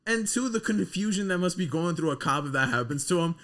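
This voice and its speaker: A young man co-hosting a casual podcast, telling stories in an animated way, swearing and breaking into loud laughter. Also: high-pitched, fast talker. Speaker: podcast co-host.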